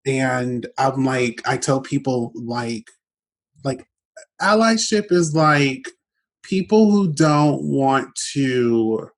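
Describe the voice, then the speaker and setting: A man's voice: mid-range voice, expressive, drawn-out words. A man hosting a casual podcast interview, talking loosely with fillers and self-corrections. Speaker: podcast host.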